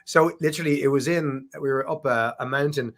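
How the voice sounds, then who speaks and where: A man's voice: medium pitch, fairly quick, fairly bright tone. A man in his forties with an Irish accent, chatting casually and laughing as a guest on a recruiting podcast. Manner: chatty, laughing, restarts often. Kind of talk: casual chat.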